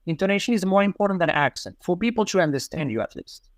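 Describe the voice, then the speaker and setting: Man, educator guest, reflective and repetitive, slightly high voice, dry sound. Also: expressive, fast, dry recording. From Morocco. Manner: reflective, repeats key phrases for emphasis. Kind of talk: casual interview conversation.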